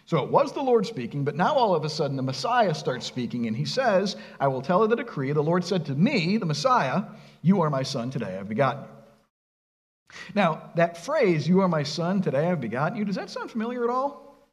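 Middle-aged pastor preaching, voice jumps all over, long church echo. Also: male voice, fairly high pitch, brisk. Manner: earnest preaching with lively emphasis and rhetorical questions. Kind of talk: sermon.

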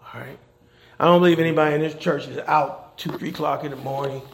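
Gravelly-voiced man preaching in an echoey church. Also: a little high, steady tone, quick pace. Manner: conversational preaching, repeats "okay?" often. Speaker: pastor and chaplain. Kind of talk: sermon. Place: church sanctuary. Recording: echoey church room, faint noise.

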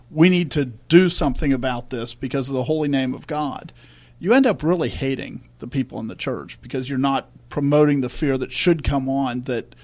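A man's voice: medium pitch, darkish tone. A man co-hosting a church discussion podcast, speaking earnestly and emphatically. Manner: earnest, emphatic, reads scripture aloud. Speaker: podcast co-host.

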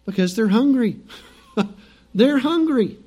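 A man's voice: very high-pitched, expressive, takes it slowly, mellow. A middle-aged male pastor preaching a sermon in a conversational, storytelling way, acting out the lines of biblical figures.

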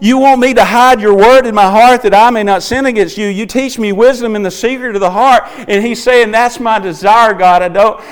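A male preacher delivers a heartfelt sermon. His voice sits high and comes through smooth and resonant, rising to emphatic passages and dropping to hushed ones. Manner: earnest, swings between emphatic and hushed; sings a few hymn lines.

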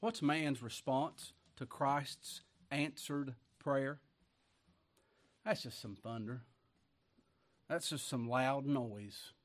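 Man preaching with loud and soft swings. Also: medium pitch. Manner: dynamic, swings between loud emphasis and quiet asides, chuckles often; reads scripture aloud with slow, weighty emphasis. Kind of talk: sermon.

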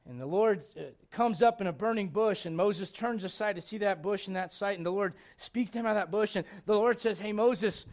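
Pastor, male, high voice, lively preaching with jokes and acted quotes. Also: fairly quick, few pauses. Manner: animated, humorous, laughing asides, acts out quotes. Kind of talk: sermon.

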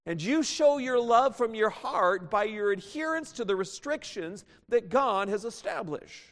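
High-pitched guy preaching, acts out little scenes, echoey big hall. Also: a little slow. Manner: animated, acts out quoted voices. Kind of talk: sermon. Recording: long reverb of a hall.

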